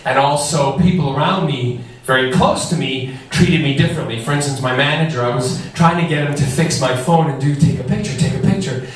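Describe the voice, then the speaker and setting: A man guest on a convention panel, telling lively, jokey stories and sounding a little out of breath. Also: on the high side, brisk, few pauses. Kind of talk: animated storytelling on a convention panel. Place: large convention hall. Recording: echoey hall recorded from far off with faint noise.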